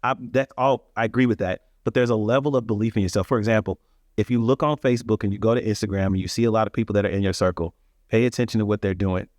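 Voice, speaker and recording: A man's voice: fairly low pitch, fairly even intonation, fast talker, a little mellow, no room sound, clean studio sound. A man telling his life story as a guest in an interview, earnest and reflective, with frequent restarts and emphatic rises.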